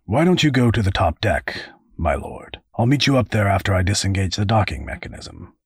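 Casting: a man doing a hard, terse veteran dad, deep husky voice, dry close sound. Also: very animated, fairly quick, no room sound, heavily acted. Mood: firm. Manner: terse, cold. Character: wounded ex-soldier father, cold and determined.

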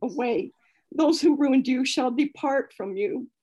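A woman in a study group reading scripture aloud slowly and with feeling over a video call. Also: sits high, dark tone, poor audio. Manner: slow, careful, heartfelt reading.

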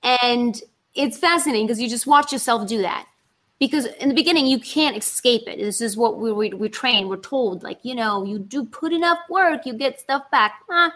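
Woman, actress, chatty and animated, voice sitting a bit high. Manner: animated, talks in rushes, acts out her inner voice. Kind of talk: casual conversation.

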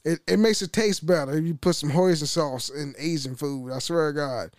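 A man's voice: on the high side, normal speed, darkish tone, dry recording, clean studio sound. A young man hosting a solo podcast, rambling and swearing casually, with frequent laughs and restarts. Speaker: podcast host.

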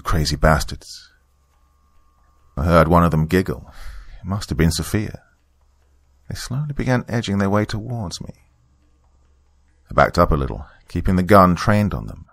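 A man narrating a first-person horror story in a steady, grave way. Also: deep voice, gravelly, no echo.

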